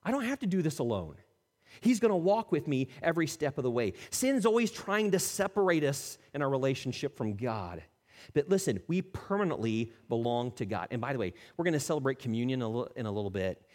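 A man preaching a sermon as a pastor, animated, acting out the people he quotes and dropping to soft, intimate tones. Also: mid-range voice, brisk. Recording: long reverb of a church hall.

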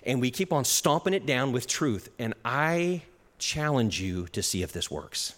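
A man preaching a sermon in a church hall, with an animated delivery. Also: medium pitch, unhurried. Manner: animated, acts out little quoted exchanges, chuckles at his own jokes. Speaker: pastor. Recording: long hall reverb.

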